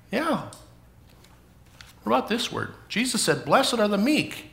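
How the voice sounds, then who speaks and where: A man leading a children's sermon in church, playful and animated, asking the kids questions. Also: sits high, unhurried, gravelly, pauses often, reverberant. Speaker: children's pastor.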